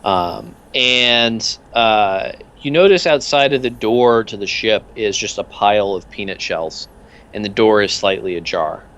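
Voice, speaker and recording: Rambling low-voiced game master man. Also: a little slow, a bit bright, muffled recording. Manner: rambling, many fillers and restarts. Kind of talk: narrating a tabletop game.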